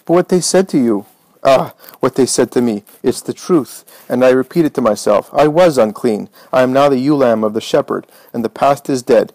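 A man voicing a fiery, devout woman who speaks with forceful, commanding conviction. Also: mid-range voice, normal speed, dry recording, close to an everyday voice, rough recording. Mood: firm.

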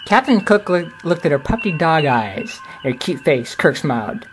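A woman narrating a homemade fan story in a casual, slightly stumbling read. Her voice is on the lower side but moves lively in pitch. The whole thing has a relaxed, amateur feel. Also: normal speed, hardly any pauses, a little hiss or hum, poor audio. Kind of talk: reading a fan audio story.

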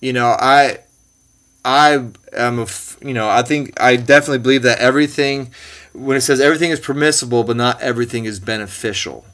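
A man in his forties from the Bay Area hosts a casual podcast chat. He rambles, restarts and fills pauses as he thinks aloud. His voice is bright and crisp, sitting at a middle pitch. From California Bay Area. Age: 40s. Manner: rambling, many fillers and restarts. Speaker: podcast host. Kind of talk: casual conversation.

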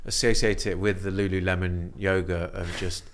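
A young man with a very low voice chats as a podcast guest. He talks in a relaxed, reflective manner, his phrasing loose and wandering. His pitch sits deep below most men. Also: moderate pace, slight background noise. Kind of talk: casual conversation.

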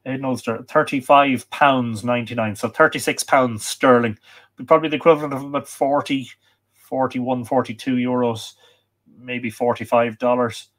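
Irish male livestream host, medium pitch, casual and rambling, reads chat aloud. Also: steady tone, moderate pace, fairly bright tone. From Ireland. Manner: chatty, reads viewer comments aloud, many fillers.

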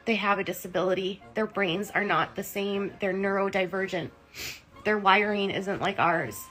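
A woman's voice: medium pitch, moderate pace, a bit bright, faint music behind, rough recording. Woman, livestream host, emotional, indignant, rambling, fillers.

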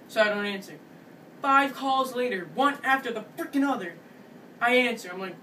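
A man's voice: very high-pitched, fairly quick, recorded from a distance, a little hiss or hum, low-quality recording. A young man vlogging, telling a story animatedly and acting out what everyone said. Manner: animated, quotes people in character. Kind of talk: storytelling vlog.

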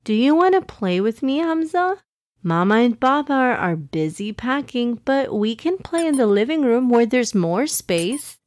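A woman's voice: on the high side, very animated, a little slow, a little mellow, no echo, pitched above the performer's own voice. A woman voicing a sad young girl who is moving house, in a childlike, pleading way. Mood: coaxing. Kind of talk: storybook character voice.

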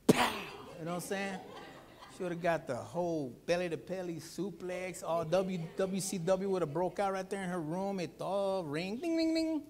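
A pastor preaching a Sunday sermon, telling a family story with acted-out voices. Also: male voice, high voice, normal speed, crowd noise. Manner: animated storytelling, acts out voices.

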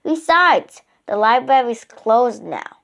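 A woman's voice: fairly high pitch, sing-song, takes it slowly, vocal fry, fairly bright tone, heavily acted. Sensible, grumbling young boy, read by a woman in her own voice, a bit exasperated. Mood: thoughtful. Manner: doubtful, sensible, a little exasperated. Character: cautious, grumbling eight-year-old boy.

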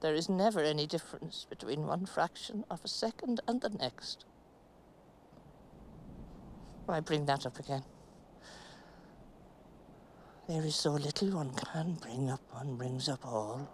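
An actress playing a stoic middle-aged woman, giving a slow, halting stage monologue with long pauses. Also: sits low, slight background noise, close to an everyday voice. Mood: weary.

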